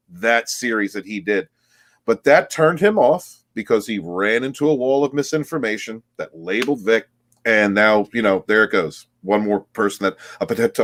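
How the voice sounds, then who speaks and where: A man's voice: fairly low pitch, fairly bright tone, dry recording. A man talking earnestly in a casual live stream, often restarting his sentences.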